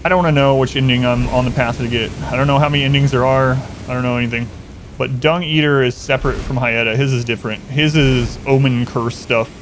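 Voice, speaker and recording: A man's voice: mid-range voice, fairly even intonation, brisk, noisy background. Rambling man streaming a game. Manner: rambling storyteller, reacts to chat. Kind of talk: casual gaming stream chat.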